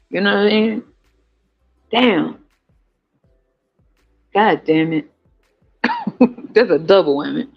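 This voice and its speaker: Man, American country accent, casual livestream host, profane, animated, frequent laughter, dull lo-fi recording, faint background music. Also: slow, vocal fry, long pauses, husky. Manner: animated, profane, laughs often, jumps into high squeals. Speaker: podcast host. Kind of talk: casual livestream chat with viewers.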